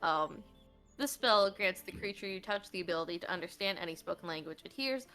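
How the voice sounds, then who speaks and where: A woman player at a tabletop game, reading out rules in a clear, matter-of-fact way. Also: fairly low pitch, expressive, a little fast, pushed and bright, faint music behind. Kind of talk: reading out a spell, casual chat.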